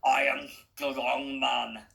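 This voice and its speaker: A big, bald strongman servant speaks in a heavy put-on Russian accent, as a man puts him on. His delivery is slow and gravelly, stammering when he is nervous, in a storybook reading. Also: medium pitch, level tone, sharp tone, heavily acted. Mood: deliberate.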